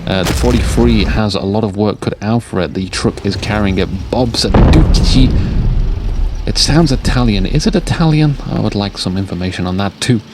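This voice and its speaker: A man's voice: fairly low pitch, a little fast, hardly any pauses, heavy background noise. Tired rambling man casting a war game. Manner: rambling, jokey, drifts off topic. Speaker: game caster. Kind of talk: sleepy late-night game commentary. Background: game sounds of gunfire and vehicles.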